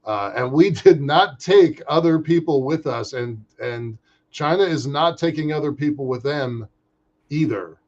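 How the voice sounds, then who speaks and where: A man co-hosting a podcast, chatting casually about space industry news in an animated way, often restarting his sentences. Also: fairly high pitch. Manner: animated, halting with restarts and fillers. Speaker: podcast co-host. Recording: muffled lo-fi audio.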